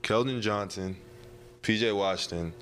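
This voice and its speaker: A young man, a basketball player, answering interview questions in a calm, casual way. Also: on the low side, moderate pace, soft background music.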